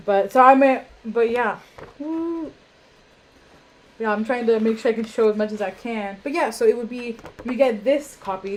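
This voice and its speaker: Young woman, live stream host, casual rambling chat, medium pitch, webcam sound, faint background hum. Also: a little mellow. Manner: rambling, self-deprecating, lots of ums and tangents. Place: home room.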